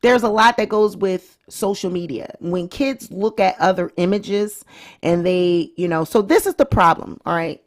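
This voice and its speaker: A woman's voice: mid-range voice, normal speed. A woman hosting her own vlog, giving chatty, opinionated commentary straight to her viewers. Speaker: vlog host. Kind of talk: casual celebrity-news commentary.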